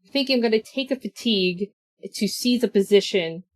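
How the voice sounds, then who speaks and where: A woman's voice: medium pitch, normal speed. A woman describing her character's actions in a tabletop game, rambling with restarts and laughs. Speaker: player. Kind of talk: casual chat during a tabletop game.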